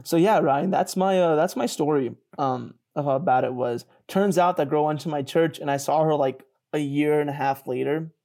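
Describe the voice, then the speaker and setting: A young man telling a story in a casual podcast chat. He mocks himself, laughs often and jumps up in pitch when he gets excited. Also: moderate pace, hardly any pauses. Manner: animated, self-mocking, laughs often and jumps higher in pitch. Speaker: podcast co-host.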